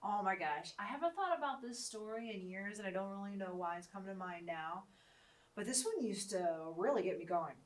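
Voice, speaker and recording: A woman's voice: medium pitch, expressive, a little fast, far from the mic. A woman hosting her own show, telling stories casually and laughing often as she talks. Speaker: host interviewing herself. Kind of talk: casual anecdotal storytelling. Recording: echoey room, voice a bit off-mic.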